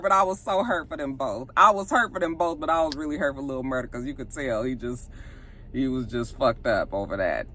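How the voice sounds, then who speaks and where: A young woman casually recapping a TV episode, cursing and talking back to the characters. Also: mid-range voice. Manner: animated, profane, talks back to the characters. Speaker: vlogger reviewing a TV episode.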